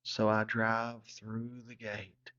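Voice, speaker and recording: A man telling a comic story in a folksy, deadpan manner. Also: fairly low pitch, takes it slowly. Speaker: comedic storyteller. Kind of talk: comedic character monologue. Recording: slightly dull lo-fi sound.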